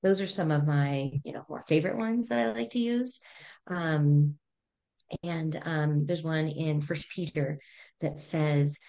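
A middle-aged woman speaking as a therapist guest on a podcast, calm and gently instructive as she walks through breathing exercises. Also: deep voice, unhurried. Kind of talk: conversational podcast interview.

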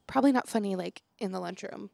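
A woman's voice: mid-range voice, fast, gravelly, darkish tone, dry recording, studio quality. A young woman co-hosting a casual podcast, telling stories and acting out quotes with frequent laughter. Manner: chatty storyteller, acts out quotes, laughs often. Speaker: podcast co-host and teacher.

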